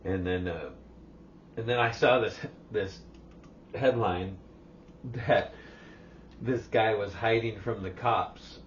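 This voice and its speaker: A man's voice: on the low side, takes it slowly, pauses often. An older man co-hosting a podcast in casual chat, laid-back and joking. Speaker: podcast co-host. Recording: distant, muffled mic with faint noise.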